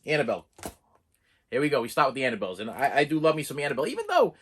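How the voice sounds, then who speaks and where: A man's voice: mid-range voice, huge pitch swings, racing, slightly rough. A man reviewing his movie collection in a casual, rambling way, often restarting sentences and drifting into side stories. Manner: rambling, with frequent restarts and asides. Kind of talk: casual rambling vlog talk.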